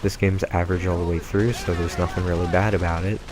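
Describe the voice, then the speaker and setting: A man's voice: deep voice, little pitch movement, quick pace, rough recording. A man giving casual gameplay commentary, rambling through tangents with lots of ums and uhs. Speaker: let's play gamer. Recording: home mic with clear background noise.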